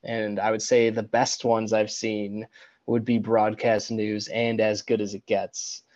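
A man's voice: lowish voice, flat delivery, unhurried, darkish tone, no echo, muffled recording. A man co-hosting a podcast in casual chat, joking and teasing his co-host.

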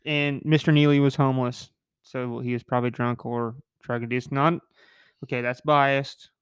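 A man's voice: medium pitch, level tone, clear, resonant tone, dry recording, studio quality. A man hosting a casual podcast, talking in a joking, rambling way with a nasal voice. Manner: joking, rambling, quick asides. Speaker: podcast host.

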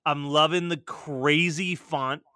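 A man in his thirties co-hosting a casual chat show, animated and swearing freely as he riffs. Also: fairly high pitch, slow, clean tone, no room sound. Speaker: podcast co-host.

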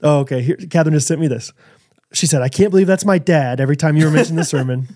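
Male podcast co-host, slightly high voice, loose rambling delivery full of fillers. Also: rapid-fire. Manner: rambling, warm, many fillers like 'like'. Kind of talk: casual chat.

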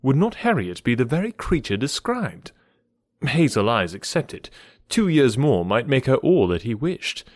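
A man narrating a classic novel as an audiobook in an expressive storytelling manner. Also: medium pitch, measured pace, no room sound, studio quality.

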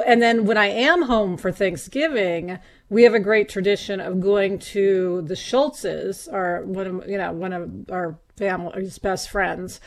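A woman co-hosts a podcast and chats in an easygoing, storytelling way. Her voice sits at an ordinary middle pitch. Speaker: podcast co-host. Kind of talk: casual chat. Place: Los Angeles.

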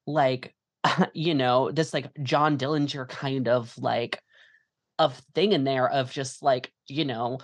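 Low-voiced woman, rambling podcast co-host. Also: steady tone, takes it slowly. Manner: rambling, heavy filler words, swears freely. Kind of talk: casual film discussion.

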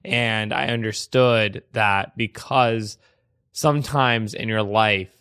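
Un homme, invité comédien, qui raconte une histoire personnelle avec animation en imitant les gens. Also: male voice, lowish voice, slow pace, clear, resonant tone, no room sound, studio quality. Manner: animated storytelling, acts out quotes. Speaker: comedian guest. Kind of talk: casual storytelling on a podcast.

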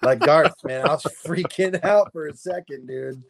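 Young dude guest on a movie stream, laid back, jokes around, says dude a lot. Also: male voice, a little high, moderate pace, gravelly. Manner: easygoing, joking, laughing, says dude and man. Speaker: guest co-host. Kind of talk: casual livestream chat.

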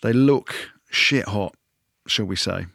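A man co-hosting a rugby podcast, talking in lively, jokey banter and handing out punchy verdicts. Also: on the low side, slow pace, creaky, no room sound, clean studio sound. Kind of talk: casual sports banter.

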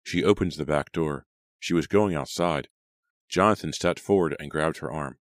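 A man narrates a horror novel in a measured storytelling manner. His voice is very deep and low. The recording is dry and close, with no room sound. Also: no room sound. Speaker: audiobook narrator. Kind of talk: scripted narration.

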